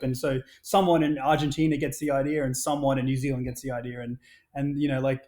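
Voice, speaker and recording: A man, a brand founder telling stories as a podcast guest, animated, swearing freely and restarting his sentences. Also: medium pitch, fast talker. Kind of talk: casual podcast conversation.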